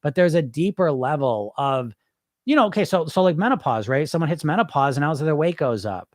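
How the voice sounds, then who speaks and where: Guy hosting a live show, kinda high voice, blunt and repeats himself, dry close mic. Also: animated, quick pace, no room sound. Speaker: podcast host. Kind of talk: live-stream chat reading comments.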